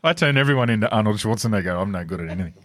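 A man's voice: on the low side, expressive, rapid-fire, no room sound. A man co-hosting a podcast, teasing and joking. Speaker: podcast co-host. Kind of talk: casual podcast banter.

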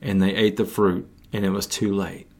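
A man's voice: low voice, little pitch movement, normal speed. Earnest male preacher, frequent restarts. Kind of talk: sermon.

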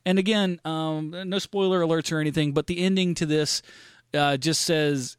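A man's voice: on the high side, moderate pace, smooth, dry recording, studio quality. A man co-hosting a casual movie review podcast, ranting with lots of swearing. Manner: profane, animated ranting. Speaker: podcast co-host.

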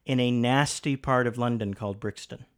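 A man's voice: mid-range voice, normal speed, clean tone. A man co-hosting a political commentary podcast, cutting in with dry, wisecracking remarks. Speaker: podcast co-host.

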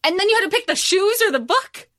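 A woman's voice: extremely high pitch, expressive, fast, a bit bright, no room sound, clean studio sound. A woman co-hosting a podcast, blunt and opinionated about a film, swearing casually. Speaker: podcast co-host. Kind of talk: casual film-discussion chat.

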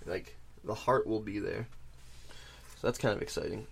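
A man's voice: lowish voice, moderate pace, creaky, slightly rough. A young man hosting a casual gaming podcast, talking animatedly with lots of fillers and some swearing. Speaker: podcast host.

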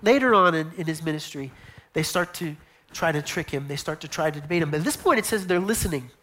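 A woman's voice: low voice, expressive, quick pace, a bit bright. Woman preaching with acted-out asides. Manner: storytelling, acting out scenes with whispered asides; repeats words and restarts phrases. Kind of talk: sermon.

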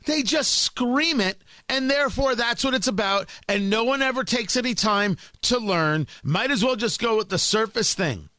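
A man's voice: high voice, normal speed, hardly any pauses, pushed and bright, no echo. A man hosting a political commentary show, delivering an emphatic, combative opinion monologue full of rhetorical questions.

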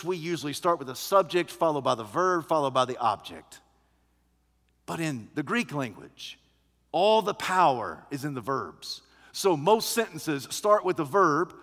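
A man preaching a sermon as pastor, shifting from quiet teaching to loud, emphatic proclamation. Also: a little high, in a large hall.

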